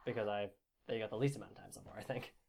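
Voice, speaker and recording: A man narrating as game master in a tabletop game, talking in a laid-back, fairly monotone way with many "like"s. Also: fairly low pitch, rapid-fire, gravelly, a little hiss or hum.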